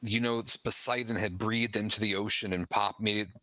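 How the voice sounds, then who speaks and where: A man's voice: fairly low pitch, fairly even intonation, brisk, pushed and bright, no echo, rough recording. A man running a tabletop game as game master, giving descriptive, dramatic narration.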